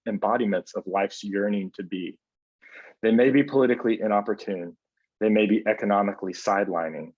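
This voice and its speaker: Low-voiced man, soft and hesitant. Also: dry recording, lo-fi sound. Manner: soft-spoken and unhurried, with frequent hesitations. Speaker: book editor hosting a book club. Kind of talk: online book club talk and reading aloud.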